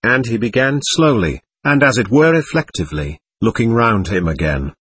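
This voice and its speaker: Husky man narrating a classic novel. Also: medium pitch, very animated, moderate pace, a bit bright. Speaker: audiobook narrator. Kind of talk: scripted narration.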